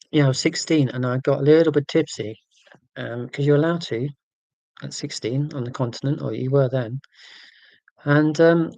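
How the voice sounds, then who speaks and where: A man's voice: medium pitch, darkish tone, dry recording. Rambling man in his forties. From United Kingdom. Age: 40s. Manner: rambling, self-deprecating, full of tangents. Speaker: livestream host. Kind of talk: casual livestream chat.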